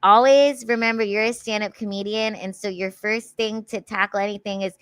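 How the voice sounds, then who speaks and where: Woman comic guest, mid-pitch, sweet and earnest, trips over her words, dry mic. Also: steady tone, fairly quick, fairly bright tone, smooth, dry recording. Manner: earnest and supportive, many restarts. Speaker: guest, comedian friend. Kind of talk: casual podcast conversation.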